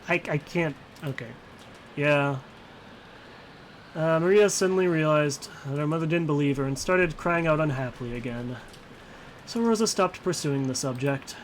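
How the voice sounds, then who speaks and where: A man's voice: on the high side, a little hiss or hum. A man streaming a visual novel, reading narration aloud and rambling casually with light swearing. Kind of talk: let's-play commentary and reading aloud.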